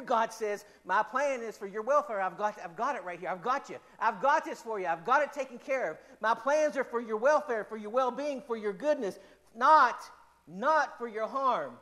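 A man preaching a sermon in an earnest, repetitive way, slowing down for emphasis. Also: extremely high pitch, fairly bright tone.

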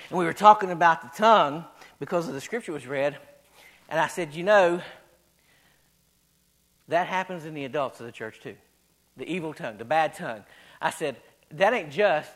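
A man's voice: on the high side, fairly bright tone. A male pastor preaching a sermon in a folksy way, repeating phrases as his voice swells and drops.

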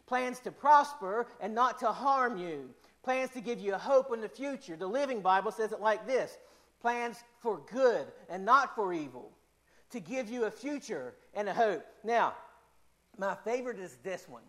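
A man preaching a sermon in an earnest, repetitive way, slowing down for emphasis. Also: high-pitched, lively intonation, fairly bright tone.

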